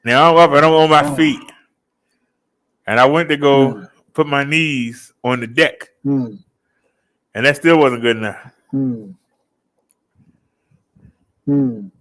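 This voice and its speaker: A man hosting a livestream in a relaxed, chatty way, talking to viewers by name, recorded on a phone worn on his chest. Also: mid-range voice, measured pace, long pauses. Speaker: livestream host. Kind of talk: casual chat with a live chat.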